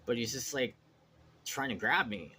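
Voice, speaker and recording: A man's voice: mid-range voice, measured pace, sharp tone, a little hiss or hum. A man in a rambling, agitated monologue, swearing constantly and trailing off mid-sentence. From Canada. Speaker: vlogger.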